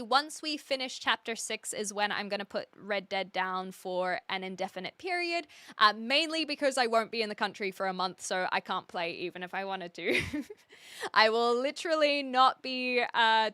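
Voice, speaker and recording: Woman game streamer, easy rambling chat with viewers, bright and dry close-up sound. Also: fairly high pitch, clear, resonant tone, no echo. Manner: chatty, rambling, frequent restarts and laughs. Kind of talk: casual chat with live viewers. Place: home attic.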